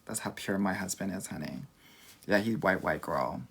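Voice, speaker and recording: A man with a deep, gravelly, slightly rough voice and a fairly bright tone speaks at a moderate, animated pace. He's a dating coach with a Southern California Valley accent, casually reading comments on a livestream, sassy and campy, calling everyone "girl."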